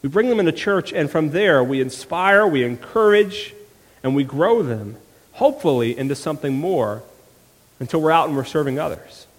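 A male pastor delivers a sermon in a conversational way, mixing rhetorical questions with light humorous asides. His voice sits a little higher than most men's. A long hall reverb from the church sanctuary trails behind every phrase. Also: expressive, moderate pace.

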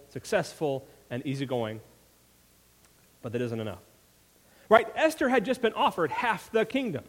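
Animated preacher in a reverberant hall. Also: male voice, sits high. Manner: conversational, frequent "right?" asides. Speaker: pastor. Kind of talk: sermon. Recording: long reverb of a large hall.

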